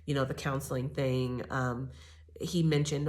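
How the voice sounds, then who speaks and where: Woman host, deep voice, casual gossip recap, rambles with fillers. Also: flat delivery, unhurried, darkish tone. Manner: chatty, opinionated, with many fillers and restarts.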